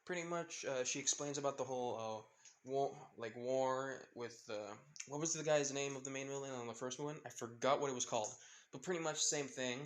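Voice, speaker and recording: A man's voice: mid-range voice, a little fast. A man casually retelling a fan-made story in a rambling way, with lots of fillers and restarts.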